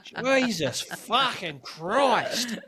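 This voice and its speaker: A man voicing a fed-up, foul-mouthed male village refugee, ranting loudly. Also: very high-pitched, very animated, very slow, voice pushed up, heavily acted. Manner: loud, sweary, exasperated ranting.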